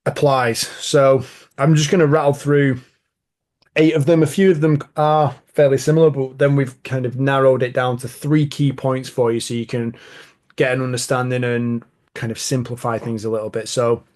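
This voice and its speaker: A man's voice: mid-range voice, a little mellow. A man hosting a podcast, telling rambling stories in a casual chatty way. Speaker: podcast host.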